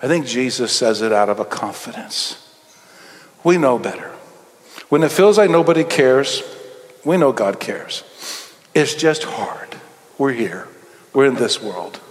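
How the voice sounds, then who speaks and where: A middle-aged man, preaching a sermon as a pastor and telling stories, moving between quick asides and slow, emphatic phrases. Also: medium pitch, lively intonation. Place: church sanctuary. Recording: long hall reverb.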